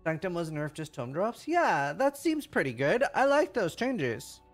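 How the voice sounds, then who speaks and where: Man, livestreamer, reading patch notes aloud, loud excited reactions, very animated pitch, faint background music. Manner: reads lines quickly, then reacts with loud excited outbursts. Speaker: streamer.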